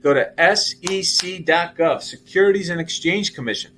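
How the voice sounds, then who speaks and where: A man in middle age hosts a casual markets talk, his voice sitting fairly high for a man. He talks in an animated way, exclaiming over numbers and breaking into laughs. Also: moderate pace, soft background music. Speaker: show host.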